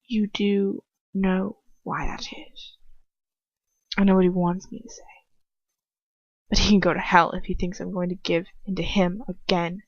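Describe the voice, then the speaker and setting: A woman's voice: on the low side, level tone, a little fast, no room sound, highs cut off. A woman reading first-person fan fiction aloud in an unpolished way, with slips and restarts.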